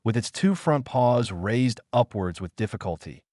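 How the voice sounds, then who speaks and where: A man's voice: on the low side, expressive, moderate pace, warm tone, no room sound, studio quality. A man narrating an audiobook novel, reading every character in the same voice. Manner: reads all characters in one voice with few changes. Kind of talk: scripted narration.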